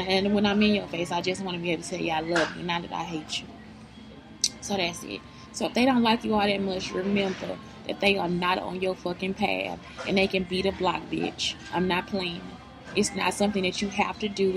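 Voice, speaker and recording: Blunt, gravelly-voiced woman giving advice. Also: mid-range voice, poor audio. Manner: blunt, profane, preachy. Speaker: vlogger giving life advice. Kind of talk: motivational talk to viewers.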